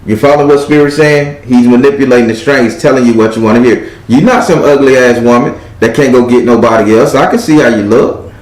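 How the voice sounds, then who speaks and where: A man's voice: medium pitch, a little fast, a little mellow. A man gives a live tarot reading in a mid-range voice. He speaks bluntly and profanely, acting out the lines he quotes. The room sounds echoey. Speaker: tarot card reader.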